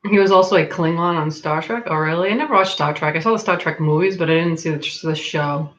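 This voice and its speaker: A woman's voice: sits low, fast, slight background noise. New england lady chatting on her livestream, lots of "like", giggly, kinda muffled sound. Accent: Massachusetts, between Boston and Rhode Island. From Massachusetts. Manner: chatty, laughs often, many "like" fillers, swears casually. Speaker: livestream host. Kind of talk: casual livestream chat reading comments.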